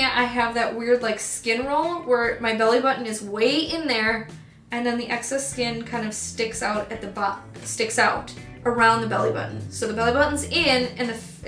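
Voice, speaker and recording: A woman's voice: on the high side, fairly bright tone, roomy sound. A young woman telling a personal story in a vlog, rambling with many ums and getting choked up as she talks. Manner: emotional, gets choked up. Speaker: vlogger.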